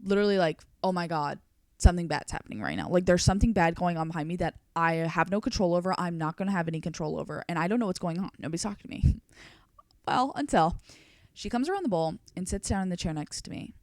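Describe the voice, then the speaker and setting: A woman's voice: fairly low pitch, fast, a little mellow, no echo, clean studio sound. Chatty young woman telling a story. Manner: chatty and emotional, heavy use of "like". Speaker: vlogger. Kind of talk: storytime vlog.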